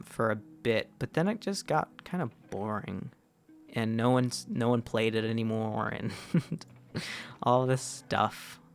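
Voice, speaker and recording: A man streaming a game, chatting casually in a rambling way, restarting and correcting himself as he answers chat. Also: medium pitch. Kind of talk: casual gaming livestream chat.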